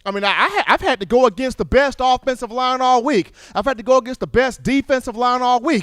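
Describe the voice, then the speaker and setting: A man's voice: very high-pitched, fast, no echo. A man hosting a college football show, talking animatedly with many restarts and repeated phrases. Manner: animated, repetitive, stumbling restarts. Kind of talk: casual sports commentary.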